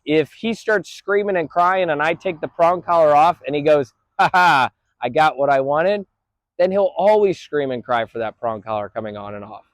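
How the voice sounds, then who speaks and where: A man's voice: fairly high pitch, lively intonation, moderate pace, few pauses, no echo. A man training a dog outdoors on a busy street, explaining his approach plainly and calling out praise to the dog. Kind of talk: outdoor training talk to camera.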